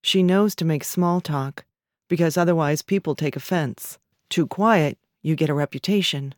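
A woman narrating literary fiction in a measured, even storytelling manner. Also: deep voice, no echo, clean studio sound.

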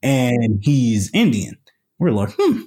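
An American man appears as a podcast guest, telling a story in a casual, colloquial way packed with fillers and restarts. He speaks at a moderate pace with a medium-pitched, darkish voice.

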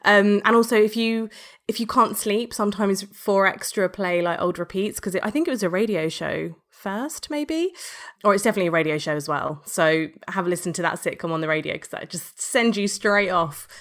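A woman's voice: mid-range voice, brisk, fairly bright tone. Woman, podcast guest, super enthusiastic, gushes about stuff. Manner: enthusiastic, gushing. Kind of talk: casual chat.

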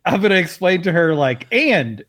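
A man's voice: on the high side, animated, normal speed. A man from Texas co-hosting a casual podcast, rambling through stories and laughing often. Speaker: podcast co-host. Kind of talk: casual chat.

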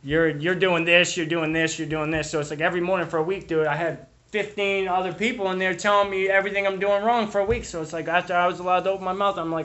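A man's voice: high voice, fairly even intonation, fast talker, hardly any pauses, pushed and bright, dull audio. A young man from Boston with a Boston accent, telling his recovery story to a crowd in a rambling, profane way full of "dude" and "like.". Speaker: speaker sharing recovery story. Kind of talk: storytelling to a live audience.

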